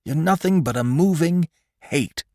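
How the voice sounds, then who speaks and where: A man doing a calm, logical reasoner. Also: a little high, measured pace, no room sound, studio quality, pitched above the performer's own voice. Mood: urgent. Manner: reasoning, earnest, explaining.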